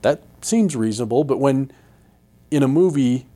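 Opinionated, animated man on a podcast. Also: mid-range voice, moderate pace. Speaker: podcast co-host. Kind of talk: casual chat.

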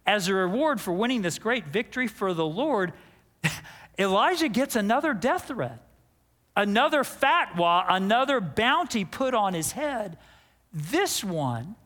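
A male pastor preaches in a sermon, his high voice swinging widely in pitch as he tells the story and acts out voices. Words tumble out with quick restarts. A long reverb trails after him, as in a church sanctuary. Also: pushed and bright. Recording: long reverb of a large hall.

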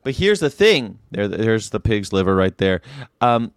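A man from Southern California hosting a casual vegan livestream, talking in an animated, rambling way that jumps between jokes and pleas. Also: lowish voice, unhurried, clean tone, no room sound, clean studio sound. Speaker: vegan channel host.

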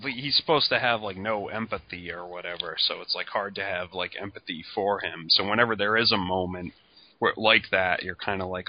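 A man's voice: sits low, moderate pace. A man co-hosting a casual podcast, talking hesitantly and saying "like" in nearly every phrase. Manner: hesitant, heavy use of "like". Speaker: podcast co-host. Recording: dull lo-fi sound.

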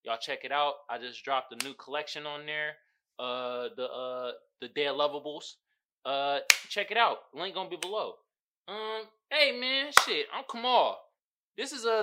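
Animated, bright-voiced man podcasting. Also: sits high. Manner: loud bursts of laughter, profane slang, animated. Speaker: podcast host. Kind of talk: casual solo podcast, reading memes aloud.

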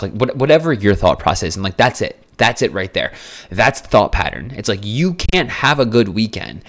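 A man's voice: lowish voice, sing-song, moderate pace, a bit bright. A young man hosting a solo fitness podcast, talking bluntly with frequent swearing and restarts. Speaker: fitness coach and podcast host. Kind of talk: casual solo podcast monologue.

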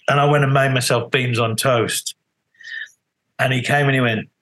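This middle-aged man, a guest musician in a casual interview, is a rambling storyteller who often restarts and acts out quotes. He speaks at medium pitch in a steady tone and moderate pace, pausing often, with a slightly bright sound on a low-quality recording.

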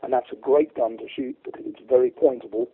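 A man's voice: medium pitch, huge pitch swings, fast, creaky, husky. A man, a guest shooting expert, chatting in a rambling way with many fillers in an interview. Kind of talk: casual interview storytelling. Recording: tinny phone-like line.

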